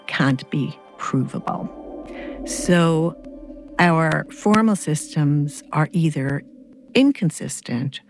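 Woman, slow deliberate delivery, lowish voice, thoughtful explainer, faint music behind. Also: a little mellow, no room sound. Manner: thoughtful, measured explanations with pauses. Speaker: guest expert. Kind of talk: explanatory conversation.

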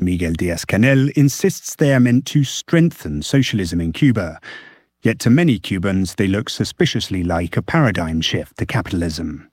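Man, news correspondent, low voice, dry close sound, measured delivery. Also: a little mellow, slightly rough, no room sound. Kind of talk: scripted news report.

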